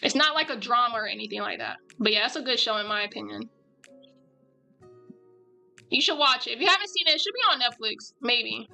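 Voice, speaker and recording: A woman's voice: on the high side, expressive, fairly quick, vocal fry, long pauses, bright, forceful tone, soft background music, low-quality recording. A woman chatting casually and animatedly with her viewers while drawing live, in a rambling style.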